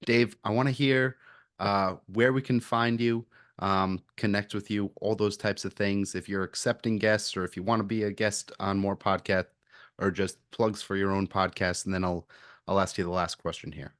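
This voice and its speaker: A man's voice: lowish voice, flat delivery, normal speed, fairly bright tone, dry recording, clean studio sound. A man hosting a podcast interview, encouraging his guest with short affirmations. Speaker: podcast host.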